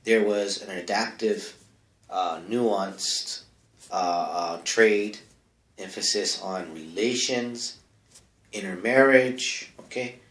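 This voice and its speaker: Man with a lowish voice, rambling offhand comedic talk, close mic, echoey untreated room. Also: slow pace, a bit bright. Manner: rambling and offhand, full of asides and mic checks. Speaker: comedic advice-column host. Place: small home studio with no insulation. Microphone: close microphone.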